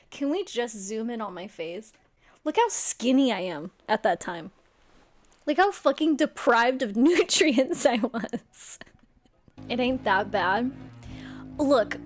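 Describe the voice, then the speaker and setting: A young woman streamer telling a story to her viewers in a casual, excitable way, swearing a lot. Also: on the high side.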